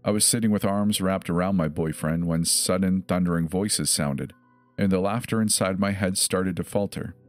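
A man telling a horror story in a measured, grave first-person narration. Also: low-pitched. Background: faint music.

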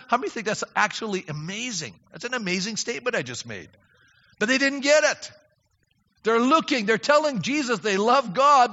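In a church sanctuary, an older pastor with a high, sharp voice preaches an earnest, emphatic sermon that often rises into fervent prayer. The recording is dull and lo-fi in a reverberant hall.

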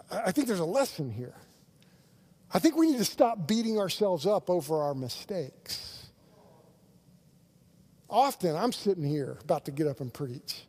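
A man preaching a sermon in a high voice at an unhurried pace. He stumbles over restarts, then swells with earnest intensity as he drives each point home. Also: dark tone. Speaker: pastor.

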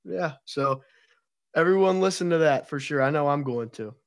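A man's voice: on the high side, moderate pace, no echo, clean studio sound. A man hosting a casual interview, upbeat with short affirmations. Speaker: podcast host, interviewer.

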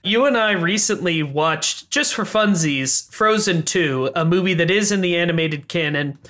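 A young man co-hosting a podcast with his mother, chatting casually with jokey asides. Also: high voice. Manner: jokey, animated, quick asides. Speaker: podcast co-host.

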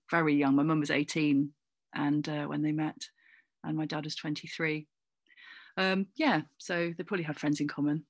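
A middle-aged woman from England, chatting as a guest in an interview, animated and full of asides and fillers. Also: sits low, no room sound. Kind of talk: casual interview chat.

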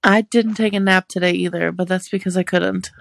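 A woman in her thirties co-hosting a casual podcast, telling blunt, deadpan stories about her family. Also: on the low side, a little fast, gravelly, no room sound. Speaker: podcast co-host. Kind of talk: casual chat.

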